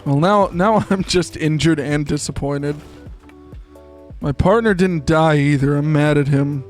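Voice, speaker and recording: A man's voice: on the high side, measured pace, soft background music. A young man live-streaming a game, chatting in a rambling, jokey way. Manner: rambling, jokey, trails into silly voices. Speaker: gaming streamer. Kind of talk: casual live-stream chat while gaming.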